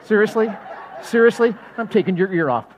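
A man preaching a sermon, animated and jokey, acting out quotes with sudden loud shouts and laughing often. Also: high-pitched, a little fast, some chatter behind, a little hiss or hum. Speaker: pastor.

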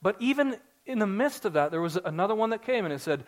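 A man in his forties preaching a sermon to his congregation, earnest and story-driven, building to excited emphasis. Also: high voice, fast talker, hardly any pauses. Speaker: pastor.

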